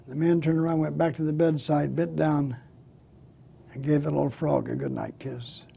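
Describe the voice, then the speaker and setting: A man's voice: on the high side, steady tone, moderate pace, creaky, warm tone, a little hiss or hum. An older man, a comedian guest telling jokes in a chat show, often laughing at his own punchlines.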